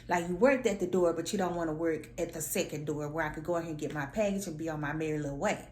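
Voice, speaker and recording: A woman's voice: low voice, fast talker. Sassy woman telling a story in an echoey room. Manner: sassy, animated, slangy, acts out her own lines. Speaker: vlogger. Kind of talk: casual storytelling rant.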